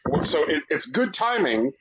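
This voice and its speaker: A man's voice: on the high side, sing-song, normal speed, a bit bright, slightly rough. A man co-hosting a podcast, chatting casually and swearing as he spins jokey, mock-romantic stories. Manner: joking, swears, tells mock-romantic bits. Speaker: podcast co-host. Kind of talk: casual chat.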